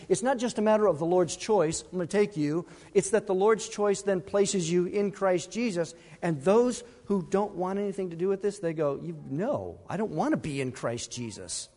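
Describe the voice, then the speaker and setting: A man preaching a sermon as pastor, animated and emphatic, with asides and brief laughs. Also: high-pitched, long reverb tail.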